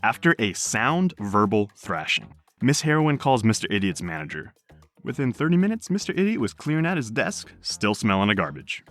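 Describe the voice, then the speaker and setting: A man hosting a podcast, reading stories aloud in an animated storytelling manner. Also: fairly low pitch, moderate pace, faint music behind. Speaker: podcast host.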